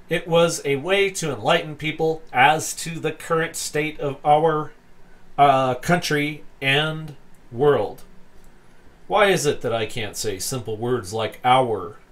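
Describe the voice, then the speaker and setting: A man slowly reading articles aloud for a video, stumbling over words and adding amused asides. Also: fairly high pitch, a bit bright. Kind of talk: casual read-aloud commentary.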